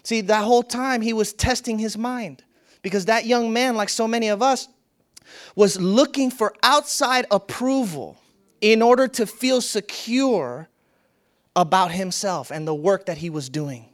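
Spiritual teacher, mid-pitched voice, unhurried storytelling sermon with emphatic repetition. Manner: storytelling, reflective, repeats phrases for emphasis. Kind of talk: spiritual teaching talk with a parable.

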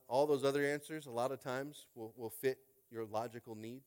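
A man preaching a sermon in an animated way, tossing out call-and-response asides and swinging from loud to hushed. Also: medium pitch, brisk, hardly any pauses. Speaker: pastor.

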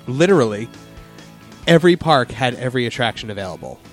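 A man's voice: medium pitch, animated, brisk, soft background music. A man hosting a casual podcast, chatting in a rambling way with lots of fillers. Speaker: podcast host. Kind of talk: casual chat.

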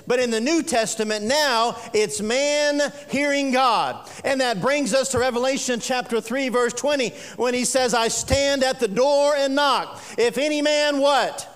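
A man preaching a sermon as pastor, dropping to a hush and slowing hard on key words. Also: extremely high pitch, clear, resonant tone. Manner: preaching with sudden drops to a hushed voice and slow emphatic stresses. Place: church sanctuary. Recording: long reverb of a church sanctuary.

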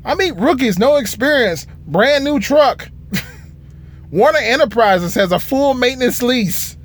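Young man ranting, lively high voice. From Michigan. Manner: profane, frustrated, laughing often. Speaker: truck driver vlogger. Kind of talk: casual rant to camera.

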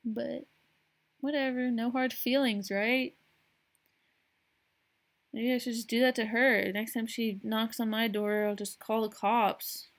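A woman's voice: a little high, little pitch movement, slow pace, long pauses. Rambling young woman podcaster. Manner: rambling, frequent "like" and "you know", laughs often. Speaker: podcast host. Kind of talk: casual solo podcast monologue.

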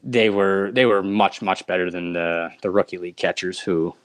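A young man with a low voice tells umpiring stories in a relaxed interview, breaking into laughter now and then. His voice is recorded close and dry, with no room sound. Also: moderate pace, no room sound. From Nova Scotia, Canada. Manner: animated anecdotes, laughs often. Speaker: minor league umpire, guest. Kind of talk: casual storytelling interview.

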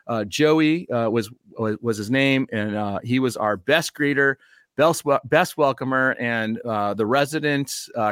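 A man's voice: mid-range voice, a bit bright, dry recording, studio quality. A man hosting a podcast, speaking casually with many fillers and a friendly, rambling manner. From United States. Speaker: podcast host and pastor.

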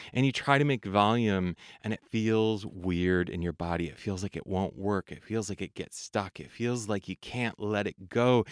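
Male podcast host and voice coach, animated and demonstrative, crisp tone, dry booth sound. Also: lowish voice, no room sound. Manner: animated, demonstrates singing registers, laughs often. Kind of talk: solo podcast teaching.

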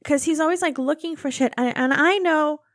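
A young woman telling a long, animated story about a domestic squabble, acting out both sides of the argument. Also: sits high, normal speed, no room sound, studio quality. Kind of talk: casual storytelling chat.

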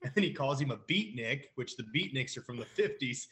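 A man's voice: medium pitch, expressive, fairly quick, a bit bright. A man co-hosting a podcast in casual chat, laughing as he quotes lines. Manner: laughs while quoting lines. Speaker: podcast co-host.

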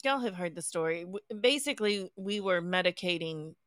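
A woman's voice: fairly low pitch, lively intonation, moderate pace, fairly bright tone, no echo, clean studio sound. A woman co-hosting a podcast, chatting casually and speaking openly about her own experience. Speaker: podcast co-host.

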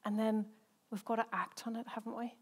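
A woman's voice: fairly high pitch, little pitch movement, fairly quick, slightly rough. A woman, a senior pastor who preaches a sermon in a chatty, self-mocking way and laughs often. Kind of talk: sermon with personal stories.

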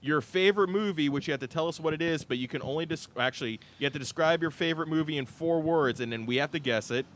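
A man's voice: on the high side, fast, hardly any pauses, slight background noise. A man hosting a casual podcast, rambling and cracking crude jokes while running a party game. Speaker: podcast host.

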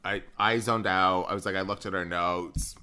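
Bright, dry-witted man podcast co-host. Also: low-pitched, fairly even intonation, brisk, smooth. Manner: dry, dismissive quips. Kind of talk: casual chat.

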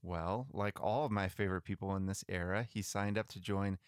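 A man with a fairly low, smooth and resonant voice tells church history stories in a relaxed, chatty way, often restarting his sentences. The sound is close and dry, with no room in it. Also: fairly quick, no room sound. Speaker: podcast co-host. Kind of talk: casual storytelling about missionary history.

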